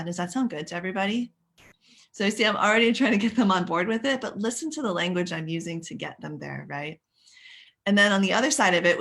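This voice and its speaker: Lower-voiced woman, parenting coach on a live stream, chatty and self-correcting. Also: fairly bright tone. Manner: chatty, greets viewers by name, restarts sentences.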